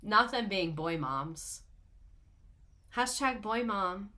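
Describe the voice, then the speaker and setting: Young woman host, bright timbre; sarcastic, emotional, casual commentary. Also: mid-range voice, expressive, slow, long pauses. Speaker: video host. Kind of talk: casual commentary over clips.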